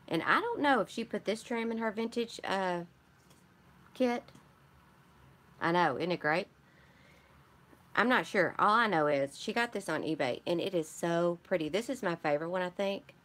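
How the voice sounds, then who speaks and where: A woman's voice: on the low side, normal speed, long pauses, fairly bright tone. Chatty woman with a Michigan accent. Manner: rambling, chatty, greets and answers viewers. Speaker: craft channel host. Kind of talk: casual live-stream chat.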